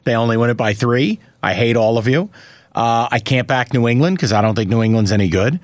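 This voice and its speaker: Brief: male co-host, average pitch, dry mic, theatrical fake fury, curses freely. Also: fairly quick, no room sound. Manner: theatrical mock outrage, profane, pitch jumps up sharply when riled. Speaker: sports betting podcast co-host. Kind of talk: casual sports betting chat.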